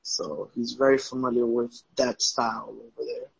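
Husky, rambling man on dull audio. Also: medium pitch, little pitch movement, moderate pace, dry recording. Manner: loose, profane, rambling with restarts. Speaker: podcast co-host. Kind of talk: casual wrestling chat.

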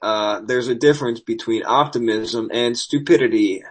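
While losing his voice, a man hosting a podcast runs through wrestling news at a normal speed with sarcastic side comments, his mid-range voice carrying a breathy edge. The delivery is casual commentary, captured in a rough recording.

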